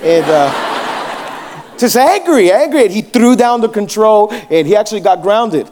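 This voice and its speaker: A man's voice: high voice, animated, normal speed, background noise. A young adult man preaching a sermon as pastor, telling jokey stories and putting questions to the crowd. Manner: joking, storytelling, asks the crowd questions.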